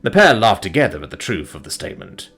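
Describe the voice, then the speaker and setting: A man reads a story aloud in a low voice that rises and falls expressively. His delivery is measured and clear. Faint music plays in the background. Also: very animated, fairly bright tone. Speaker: narrator. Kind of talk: scripted story narration.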